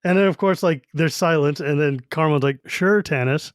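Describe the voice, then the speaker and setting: A man's voice: fairly high pitch, fairly quick, clean tone, no room sound, studio quality. A man co-hosting a podcast, chatting casually about a book and acting out its characters as he retells it. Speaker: podcast co-host.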